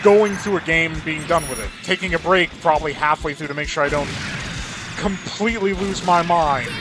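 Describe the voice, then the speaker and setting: A man's voice: a little high, a little fast, background noise. A tired man hosting a game let's play, rambling and self-deprecating in his commentary. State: exhausted. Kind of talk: gameplay commentary.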